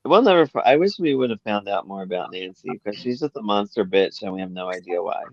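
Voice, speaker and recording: A man's voice: lowish voice, lively intonation, fast, dry recording, muffled recording. A man co-hosting a podcast, recapping a soap episode in casual chat with frequent ums. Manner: laid-back, summarizes plot with many ums and laughs. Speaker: podcast co-host.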